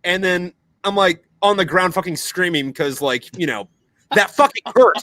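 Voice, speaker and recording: A young man hosts a podcast, swapping crude stories in casual conversation, cursing frequently and packing his speech with fillers. His voice is high-pitched and bright with a forceful edge, delivered at a moderate pace on a dry recording.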